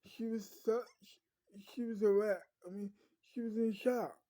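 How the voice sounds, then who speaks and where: A woman telling an improvised story in a rambling, halting way with many fillers. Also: fairly high pitch, fairly even intonation, dark tone, no room sound.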